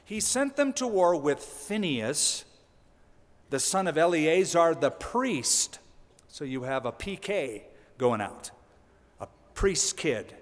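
A man's voice: fairly high pitch, big pitch swings, takes it slowly. Conversational male pastor in a reverberant hall. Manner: conversational, with dry humorous asides. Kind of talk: sermon.

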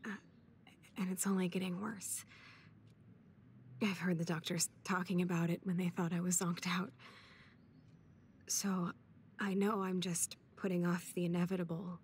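A woman's voice: fairly low pitch, slight background noise. An actress voicing a rebellious teenage girl, now bedridden and fading, in a video game; she speaks weakly and breathily. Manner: weak, breathy, soft-spoken.

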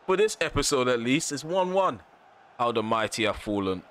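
A man's voice: medium pitch, sing-song, normal speed, a bit bright. Frustrated man commentating his football game. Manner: frustrated, exasperated ranting; slangy, repeats himself. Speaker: gaming YouTuber. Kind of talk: live gameplay commentary.

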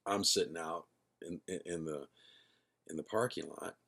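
A man's voice: low-pitched, normal speed, gravelly, a bit bright. A middle-aged man, a band's singer and founder, telling his story casually in a rambling way, correcting himself as he goes. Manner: rambling, self-correcting, acts out quoted dialogue.

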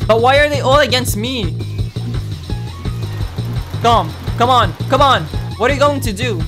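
A young man hosting a gaming channel, giving excitable gameplay commentary, exclaiming and taunting his opponents. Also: very high voice, unhurried, over music.

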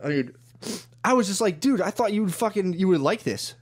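A man's voice: high voice, animated, a little fast. A man co-hosting a podcast, telling rambling, profane stories in casual chat and laughing often. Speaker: podcast co-host.

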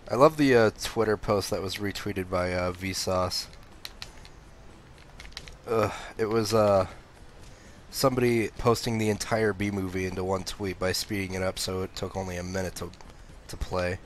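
A man's voice: deep voice, fairly even intonation, normal speed, a little hiss or hum. A young man streaming a game, chatting casually with viewers and swearing freely, sounding sleepy with a bit of phlegm in his throat. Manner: laid-back, swears freely, answers chat. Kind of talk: casual gaming stream chat.

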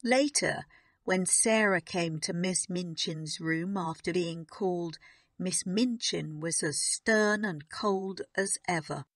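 A woman narrating a graded reader story slowly and carefully on a close mic. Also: on the low side, dry recording. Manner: slow, careful reading. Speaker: audiobook narrator.

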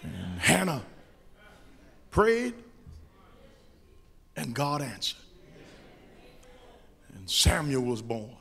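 A middle-aged man, preaching a sermon as pastor, with shouted, sing-song rises. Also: medium pitch, huge pitch swings, extremely slow, gravelly, pauses often, slightly rough, faint music behind. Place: church sanctuary. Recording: echoey church with long reverb.

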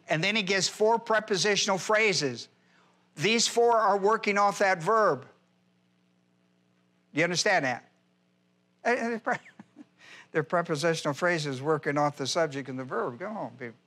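A man's voice: sits high, lively intonation, measured pace, sharp tone. A male pastor teaching a Bible class verse by verse, emphatic, repeating key phrases and quizzing his listeners.

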